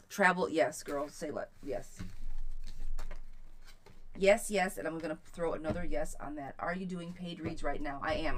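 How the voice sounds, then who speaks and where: A woman giving a casual live tarot reading, slightly low in pitch and talking straight to her viewers. She encourages them warmly and calls them girl and sweetheart. Her voice is picked up by a webcam mic at home. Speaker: tarot reader hosting a live stream.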